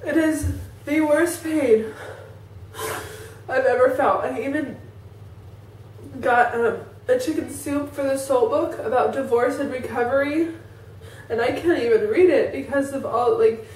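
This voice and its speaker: A woman's voice: high voice, unhurried, pauses often, a little mellow. A woman talking in a rambling, emotional way for a personal confessional vlog, with many fillers. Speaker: vlogger. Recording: echoey room, voice from a distance.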